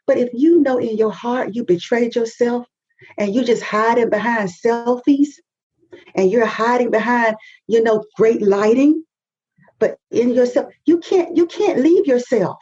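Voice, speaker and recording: A woman's voice: on the high side, measured pace, warm tone, slightly rough, dull audio. A woman, a guest on an interview show, speaking with fervent, emphatic conviction and repeating phrases for effect. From North Carolina, US. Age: 50s. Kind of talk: podcast interview.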